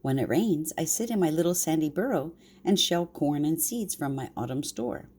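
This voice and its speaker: An older woman voicing a gentle, homesick male country mouse in a bedtime story, speaking softly and earnestly. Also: low-pitched, expressive, normal speed, slightly rough. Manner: soft and earnest.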